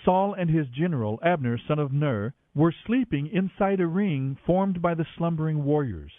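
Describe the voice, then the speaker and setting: High-voiced man reading scripture. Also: no echo. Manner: steady, measured narration. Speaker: Bible reader on radio. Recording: dry, tinny phone-like radio sound.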